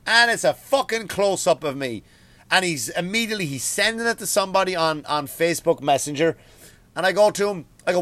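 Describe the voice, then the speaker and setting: Profane Irish comedian ranting at home. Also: male voice, high voice, fairly quick, no echo. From Ireland. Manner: profane, animated storytelling. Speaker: comedian and podcast host. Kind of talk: comedic rant.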